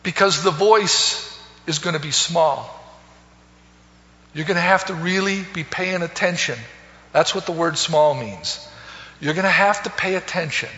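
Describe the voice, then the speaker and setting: A man preaching a sermon, swinging between soaring loud calls and hushed low phrases and repeating words. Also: measured pace, pauses often. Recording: echoey hall, dull lo-fi sound.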